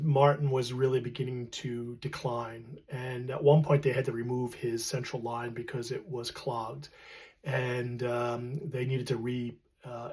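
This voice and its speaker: A middle-aged man tells a personal story at a middle pitch, with a husky, slightly breathy voice. He speaks earnestly and reflectively, pausing often and searching for words. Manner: earnest, reflective, with many fillers and pauses. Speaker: storyteller recounting his late partner.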